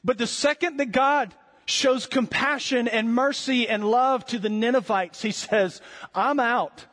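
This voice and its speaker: A man preaching a sermon as pastor, earnest and emphatic, slowing down with dramatic pauses to stress key words. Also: extremely high pitch, fairly bright tone, big-room sound.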